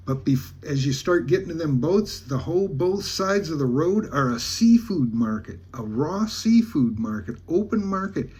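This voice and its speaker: A man's voice: mid-range voice, darkish tone, slight background noise. A man from Alaska, a travel vlogger, telling a rambling, folksy story in casual talk with many restarts.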